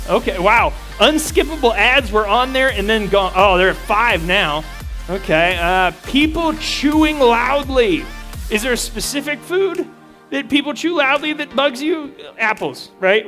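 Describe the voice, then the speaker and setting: A young male youth leader with a very high, bright voice, talking in an excitable, joking way to a group of students while music plays faintly underneath. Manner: animated, joking, talks to a live room. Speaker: youth pastor. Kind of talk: energetic audience interaction.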